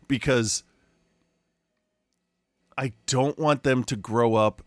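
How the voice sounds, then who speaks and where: A man's voice: mid-range voice, fairly even intonation, takes it slowly, pauses often, fairly bright tone, clear, resonant tone, dry recording, clean studio sound. A middle-aged man, a podcast co-host, chatting casually from his room and telling stories full of restarts. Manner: rambling storyteller, frequent restarts and laughs. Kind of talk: casual chat. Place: home room.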